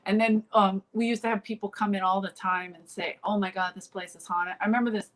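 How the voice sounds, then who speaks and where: A woman's voice: mid-range voice, steady tone, fairly quick, poor audio. A woman comedian in a casual interview, telling stories full of fillers and restarts over a remote call. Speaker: comedian guest.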